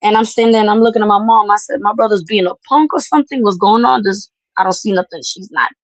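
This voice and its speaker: A woman's voice: mid-range voice, quick pace, no echo, poor audio. Brash, profane woman telling a story. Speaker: podcast host. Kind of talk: casual storytelling chat.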